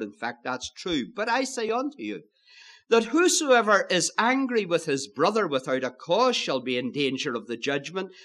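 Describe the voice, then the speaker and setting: A man preaching a sermon, moving between loud stresses and hushed, solemn phrases. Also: high voice. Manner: old-fashioned preaching, swinging from loud emphasis to hushed.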